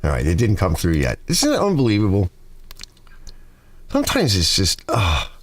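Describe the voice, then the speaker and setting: A man's voice: low-pitched, wildly swooping pitch, moderate pace, a little hiss or hum. A middle-aged man hosting a garage livestream, chatting casually, reading viewer comments and rambling through stories. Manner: rambling, talkative storyteller.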